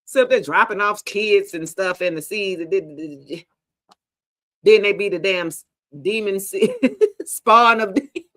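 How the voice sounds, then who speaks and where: A tarot reader with a mid-range, slightly bright voice speaks at a measured pace. She's casual and profane, laughs often, and addresses her viewers as y'all.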